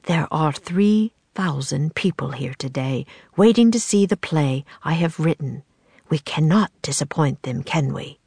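A woman's voice: low-pitched, animated, unhurried, darkish tone, husky, no echo, full character voice. Woman reading a courtly old-fashioned playwright. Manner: courtly, archaic phrasing. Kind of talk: storybook reading.

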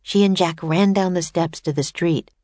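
A woman narrating a children's storybook aloud in a steady, plain way. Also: lowish voice, normal speed, no room sound.

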